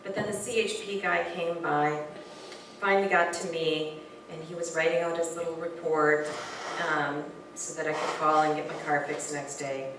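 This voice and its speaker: A woman's voice: low-pitched, normal speed. Woman telling a story in an echoey hall. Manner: animated, warm storyteller with frequent restarts and fillers. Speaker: speaker telling a personal story to a spiritual community. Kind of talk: informal personal storytelling. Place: hall of a spiritual center. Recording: very echoey room from far off with faint noise.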